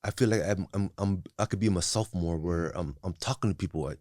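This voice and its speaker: His voice sits low, brisk and darkish, captured dry with clean studio sound. As a podcast guest sharing his recovery, he speaks candidly and thoughtfully about his past, frequently restarting and adding "you know what I mean."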